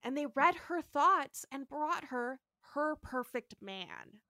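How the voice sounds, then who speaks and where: Bright, animated woman podcast host. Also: sits high, slow pace, no echo, clean studio sound. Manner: animated storytelling, acts out scenes. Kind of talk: casual recap chat.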